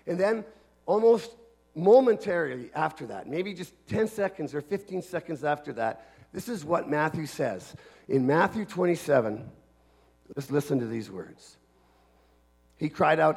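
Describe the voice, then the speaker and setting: A man preaching a sermon in an earnest manner, dropping to a hush and then building to shouts. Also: fairly high pitch, animated, a little slow, vocal fry, husky.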